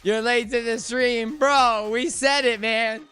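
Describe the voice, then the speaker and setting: Energetic young man with a bright voice. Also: extremely high pitch, clear, resonant tone, faint music behind. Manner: energetic, fast, chatty. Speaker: crypto trading streamer. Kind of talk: live stream commentary.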